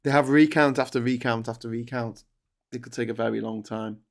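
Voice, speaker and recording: A man's voice: medium pitch, fairly even intonation, vocal fry. Joking man on a live stream. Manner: joking, chatty, quick asides. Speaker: co-host of a news talk stream. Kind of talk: casual live-stream chat. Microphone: video call.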